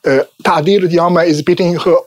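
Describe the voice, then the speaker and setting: Casting: high-pitched male lecturer, chatty and informal, constant tag questions, frequent "uh" and restarts. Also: fairly even intonation, fairly quick. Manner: tags nearly every phrase with "right?", many fillers and restarts; laughs at his own asides.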